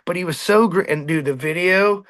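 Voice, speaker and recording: High-voiced animated boat captain. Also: male voice, normal speed. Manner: animated, acts out shouts and quotes. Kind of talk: casual storytelling on a podcast.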